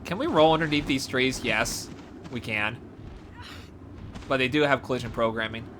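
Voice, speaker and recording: A woman gives excited gameplay commentary, often gasping and exclaiming as she explores. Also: a bass voice, normal speed, background noise. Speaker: gameplay video creator.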